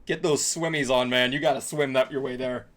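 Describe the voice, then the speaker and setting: A man's voice: medium pitch, fairly even intonation, brisk, fairly bright tone. A man telling anecdotes and laughing often in a casual group chat.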